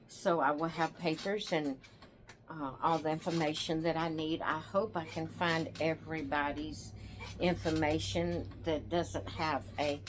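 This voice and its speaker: A tired woman hosting her own channel, chatting to viewers in a rambling, relaxed way and yawning now and then. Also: sits low, a little hiss or hum. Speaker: doll channel host. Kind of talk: casual chat to viewers.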